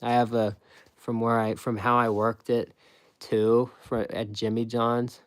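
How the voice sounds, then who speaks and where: A former sandwich shop worker, a man with a clean, mid-range voice that barely moves in pitch, speaks a little slowly. He casually walks through how he makes sandwiches step by step, emphatic, repeating himself and restarting often.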